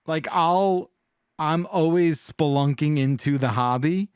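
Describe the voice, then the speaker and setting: A man's voice: a little high, slow pace, darkish tone, smooth, no echo, studio quality. A man co-hosting a podcast, chatting in a laid-back, rambling way. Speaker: podcast host. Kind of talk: casual chat.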